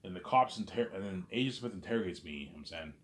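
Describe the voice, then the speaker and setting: A man's voice: low-pitched, animated, fast. A man telling a rambling, casual story, stumbling over restarts and leaning on the same stock phrases again and again.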